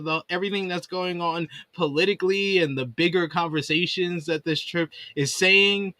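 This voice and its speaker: Man co-host, high bright voice, wry and sarcastic, casual chat. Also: no room sound. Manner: wry, sarcastic, laughs often. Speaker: podcast co-host. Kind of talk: casual wrestling preview chat.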